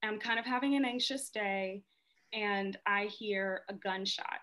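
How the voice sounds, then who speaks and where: Bright, animated actress telling stage stories. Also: female voice, mid-range voice, a little slow. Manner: animated, laughs often, lots of "like". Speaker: podcast guest, stage actress. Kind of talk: casual storytelling chat.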